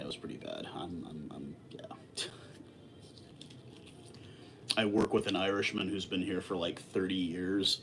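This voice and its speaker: A man hosting a casual livestream, chatting with viewers in a relaxed, rambling way with many fillers and restarts. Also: low-pitched, a little hiss or hum. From lives in Texas. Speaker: livestream host. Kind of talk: casual live chat with viewers.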